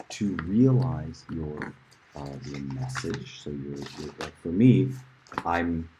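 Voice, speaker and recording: A man teaching a casual music lesson at a board, rambling, with loud bursts of emphasis and murmured asides. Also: sits low, background noise.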